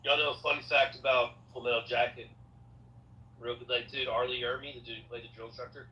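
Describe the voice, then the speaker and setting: A man's voice: medium pitch, flat delivery, fast, bright, forceful tone, a little hiss or hum, poor audio. A man in a casual podcast chat who shares trivia and asks questions. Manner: chatty, full of trivia and questions.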